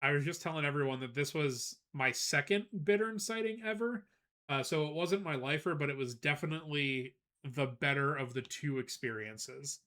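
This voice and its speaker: A man streaming live, chatting casually and telling a rambling, animated story with frequent laughs, greeting viewers as he goes. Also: a little high, normal speed. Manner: greets chat viewers between anecdotes.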